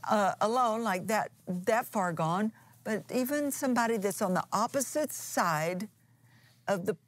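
A woman's voice: mid-range voice, expressive, measured pace. A woman pastor and co-host giving a conversational Bible teaching in an earnest, plain-spoken way, restarting phrases as she explains.

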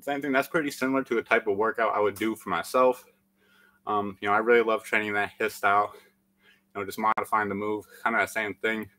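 A man's voice: lowish voice, steady tone, brisk, bright, forceful tone, poor audio. A man leading a live-streamed workout, out of breath after exercising, calling out countdowns and encouragement and chatting with lots of fillers. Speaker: fitness instructor.

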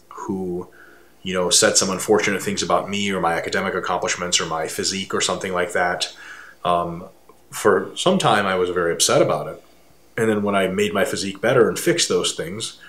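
A low-voiced fitness coach and co-host talks emphatically in a casual conversation, recorded in a roomy space with echo. He's animated, and his pitch swings upward whenever he makes a point.

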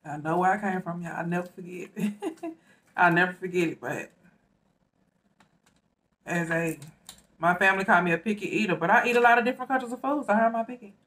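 A woman's voice: medium pitch, fairly quick, pauses often. Southern woman doing a mukbang, laid back, chatting while she eats. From Southern United States. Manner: relaxed and chatty, talks between bites, says "y'all" often. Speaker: mukbang host. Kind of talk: casual eating-show chat.

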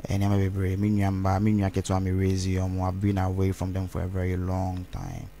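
A man speaks low in his range, his gravelly voice rough with fry. He rambles through an interview and slips Twi phrases into his English. A faint hum of noise sits behind him. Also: moderate pace, dark tone. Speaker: interview guest. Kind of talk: candid interview talk.

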